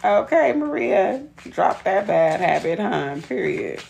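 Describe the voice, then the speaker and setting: A woman's voice: mid-range voice, very animated, slow pace, gravelly, darkish tone, slight background noise. A woman giving a live tarot reading, blunt and profane, greeting viewers by name. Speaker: tarot reader.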